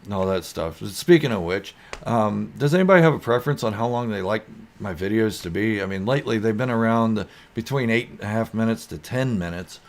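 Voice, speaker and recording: A man's voice: lowish voice, a little fast. A man hosting a live stream, chatting casually and reading out viewer comments in a goofy, easygoing, rambling way.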